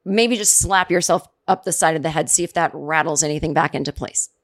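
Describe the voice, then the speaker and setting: A woman's voice: low voice, brisk. A middle-aged woman hosting a comedy podcast, delivering a sarcastic, profane comedic rant. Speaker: podcast host. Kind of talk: comedic monologue.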